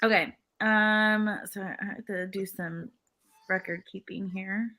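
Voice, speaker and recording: A woman co-hosting a podcast, running a vote in a teasing, brisk manner in casual chat. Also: mid-range voice, fairly even intonation, bright, forceful tone.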